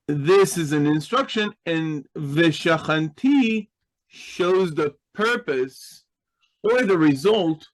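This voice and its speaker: A man's voice: fairly high pitch, low-quality recording. A man teaching a Hebrew grammar class, explaining patiently and checking in with his students.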